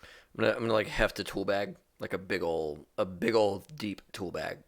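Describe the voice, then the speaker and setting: A man playing a tabletop game, joking and chatting in an animated way. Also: low voice, normal speed, vocal fry, no echo, clean studio sound. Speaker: player. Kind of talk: casual chat.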